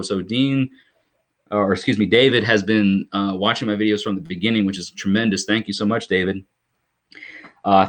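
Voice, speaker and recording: A man's voice: fairly low pitch, fairly bright tone. A man hosting a casual live stream from his home workshop. He chats with viewers, greets them by name and fills the gaps with lots of "um" and "uh". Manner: chatty, greets viewers by name, many fillers.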